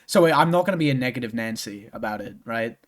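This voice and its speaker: A man's voice: mid-range voice, animated, quick pace. A young man streaming a game, chatting casually and rambling with lots of restarts and swearing. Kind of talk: casual chat while playing a game.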